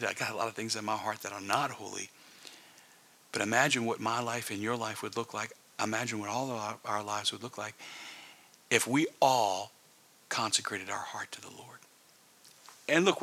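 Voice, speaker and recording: A male pastor preaching earnestly in a conversational way, dropping into hushed whispers for emphasis. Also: mid-range voice, husky. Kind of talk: sermon.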